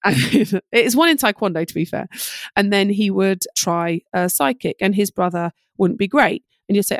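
A middle-aged woman parenting coach giving fast, animated advice in a podcast interview, acting out little exchanges between parent and child. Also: medium pitch, gravelly, dry recording, studio quality.

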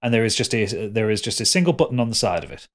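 A man's voice: on the low side, expressive, quick pace. A man narrating and running a tabletop role-playing game for friends, describing scenes in a rambling, casual way. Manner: rambling, restarts mid-sentence, laughs with players. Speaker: game master.

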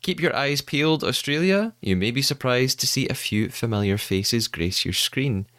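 A man hosting a podcast, presenting a scripted segment in an upbeat, animated way. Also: medium pitch, normal speed, no room sound, studio quality. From United Kingdom. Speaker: podcast host.

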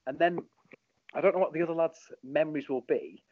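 A man, a former football captain, telling match stories in a casual interview, animated and full of ums. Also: on the high side, fairly quick, no room sound, narrow, tinny audio. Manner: animated, rambling, lots of ums.

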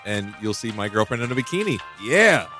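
A man's voice: fairly low pitch, very animated, a little fast, pushed and bright, faint music behind. A man hosting a podcast, chatting casually and rambling with restarts and self-mocking jokes. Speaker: podcast host.

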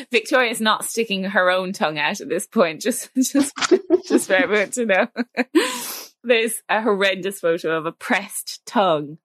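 Giggly woman, lively pitch. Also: unhurried. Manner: giggly, chatty, laughs often. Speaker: podcast co-host. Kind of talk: casual chat.

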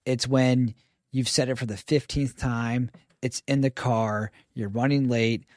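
A man chatting as a podcast guest, telling stories in a lively way and acting out the people he quotes. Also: mid-range voice, unhurried, no echo, clean studio sound. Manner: animated storyteller who acts out quoted people. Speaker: podcast guest, stay-at-home father. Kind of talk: casual podcast conversation.

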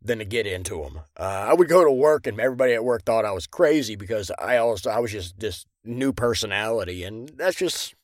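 A man's voice: lowish voice, expressive, a little fast, few pauses, no room sound. A male voice actor explains his process in a laid-back, matter-of-fact way. The sound is dry and close. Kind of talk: casual interview.

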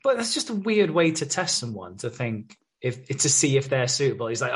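A man's voice: medium pitch, big pitch swings, a little fast, few pauses, husky. A young man chatting casually and swearing freely as he recaps soap scenes, briefly acting out the characters' lines. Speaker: podcast co-host recapping a soap. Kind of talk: casual chat.

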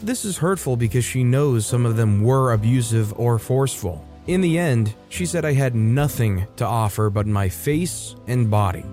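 Guy reading reddit-style stories aloud, chatty wry asides, medium voice, soft music under it. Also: medium pitch, expressive, moderate pace, few pauses. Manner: conversational, wry commentary between readings. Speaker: host reading and reacting to online stories. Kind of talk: story reading with commentary.

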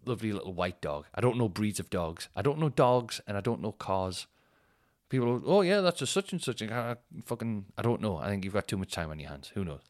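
A man's voice: fairly low pitch, lively intonation, fast, hardly any pauses. A man, a stand-up comedian and podcast host, telling rambling, sweary stories and laughing at himself. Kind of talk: casual comic storytelling.

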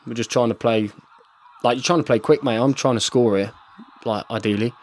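An English man in his thirties, a professional rugby player, chatting excitedly while rewatching match footage and calling his friend "mate" constantly. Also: mid-range voice, brisk. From England. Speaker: guest, professional rugby fly half. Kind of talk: casual chat while watching match footage.

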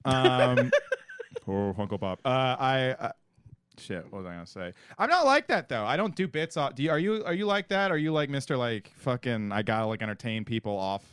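A man hosting a podcast, trading loud comedic banter and laughing a lot. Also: medium pitch, expressive, brisk, a little hiss or hum. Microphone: close studio mic.

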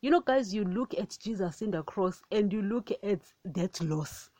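A woman giving an informal spoken sermon on her podcast, animated and chatty, calling her listeners "guys" over and over and laughing now and then. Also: mid-range voice, moderate pace, dry recording. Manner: animated, repeats "guys" constantly, laughs often. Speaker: podcast preacher.

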